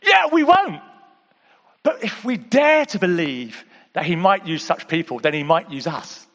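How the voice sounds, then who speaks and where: His voice high and lifted with big pitch swings, a man preaches at normal speed, addressing the congregation like friends. He shifts between hushed, intimate asides and emphatic exclamations, calling on the audience over and over in a conversational sermon. A long reverb tail follows his words around the large hall.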